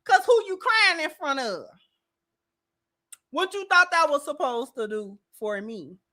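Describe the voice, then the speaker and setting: A woman's voice: sits high, very animated, unhurried, sharp tone. A woman hosting a commentary channel, reacting in a sassy, emphatic way and calling people baby.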